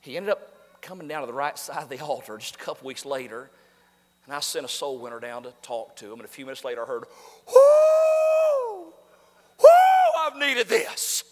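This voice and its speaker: A man pastor preaching a fiery sermon, swinging from shouts down to hushed, near-whispered lines. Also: mid-range voice, quick pace, long reverb tail. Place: church sanctuary.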